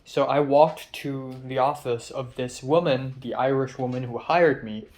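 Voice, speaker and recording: Young man, casual vlog chat, rambling, off-hand, lots of ums, mid-pitched voice. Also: fairly even intonation, a little slow, a little mellow. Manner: rambling, filler-heavy, off-hand. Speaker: vlogger. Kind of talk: casual diary-style chat.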